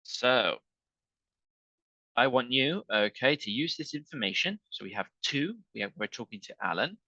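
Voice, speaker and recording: A man's voice: mid-range voice, very animated, bright, forceful tone, no room sound, highs cut off. A man teaching an online English lesson, talking patiently and checking in with "okay" as he works through examples. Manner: slow, patient, repeats with "okay".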